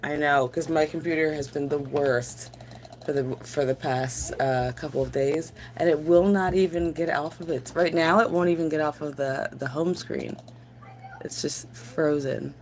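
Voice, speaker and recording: A woman's voice: low voice, fairly even intonation, moderate pace, a little mellow, a little hiss or hum. A woman hosting a casual livestream, chatting to viewers while she crafts, giggly and chatty. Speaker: livestream host.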